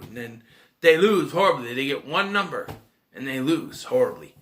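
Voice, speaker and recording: A man casually recapping a film plot in a rambling, animated way, acting out his own reactions. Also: a little high, normal speed. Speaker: movie reviewer.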